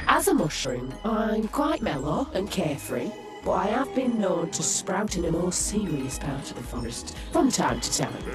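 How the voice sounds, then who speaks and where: A woman voicing a carefree mushroom costume character speaks in a low, calm, teasing tone. The room is echoey. Music plays clearly behind her.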